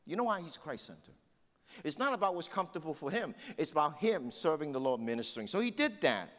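Man, pastor, sermon, slightly high voice, very animated pitch, passionate storytelling, long hall reverb. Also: fast. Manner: storytelling preacher, rising to passionate emphasis and dropping to hushed intensity.

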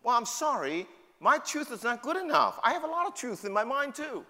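Man, New York accent, sermon, animated, sharp tone, rhetorical questions. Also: very high voice, fairly quick. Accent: New York City. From New York City. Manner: emphatic, full of rhetorical questions. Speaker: pastor. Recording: long hall reverb.

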